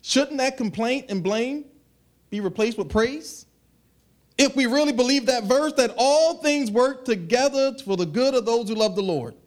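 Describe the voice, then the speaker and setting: A man preaching a sermon in an animated, conversational way, acting out little asides. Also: very high voice, moderate pace. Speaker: pastor.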